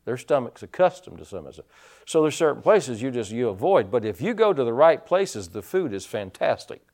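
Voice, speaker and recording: A man preaching a sermon as pastor, folksy, telling stories and swinging his loudness up and down, from the United States. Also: mid-range voice, big pitch swings, brisk. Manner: folksy storytelling preacher, rising and dropping loudness.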